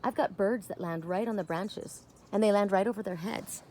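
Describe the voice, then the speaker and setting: A woman chatting casually on her home deck, expressive and talking to her pets between thoughts. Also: mid-range voice, moderate pace, slight background noise. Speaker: spiritual vlogger. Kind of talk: casual chat.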